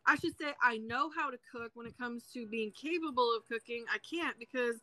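Crocheting on her livestream, a South Carolina woman in her thirties talks in a frank, casual, blunt way, swearing freely in her Southern US accent. Her voice is a little high, bright, and forceful, with a fairly quick pace, captured in a low-quality recording without room sound.

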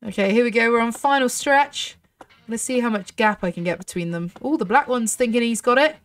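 A 30-year-old British woman hosts a gaming channel, chatting her way through gameplay in casual commentary. Her voice is on the high side and fairly quick. She's bubbly and thinks aloud, letting out little gasps and squeals.

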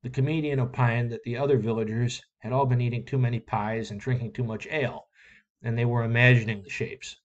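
A man reading a short story aloud in a steady, measured way. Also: medium pitch, highs cut off. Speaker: reader.

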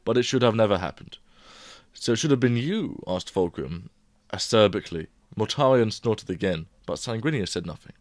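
A man's voice: on the low side, animated, moderate pace, no echo. A man co-hosting a podcast, reading a book excerpt aloud and laughing lightly between lines. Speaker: podcast co-host.

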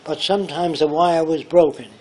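An older man from the United States tells long, winding stories from his past, stopping to act out what others said. His voice sits a little high for a man. A faint hum of background noise runs under the talk. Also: fairly even intonation, normal speed, darkish tone. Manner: rambling, quotes people in his stories. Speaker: speaker. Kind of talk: anecdotal storytelling talk. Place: pub.

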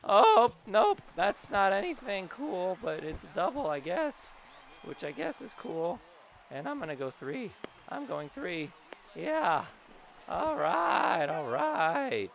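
Young guy gaming youtuber, high lively voice with some gravel, gets loud and excited then mutters. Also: slow pace, a little hiss or hum. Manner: excitable, self-deprecating, talks to himself and his player. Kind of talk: casual gameplay commentary.

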